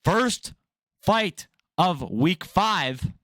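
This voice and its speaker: A young man with a fairly high voice rants bluntly about fight news, swearing freely and speaking in a casual, opinionated way. He is recorded close and dry, with no room sound around him. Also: very slow, dry recording. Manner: blunt, profane, animated ranting. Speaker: MMA news host.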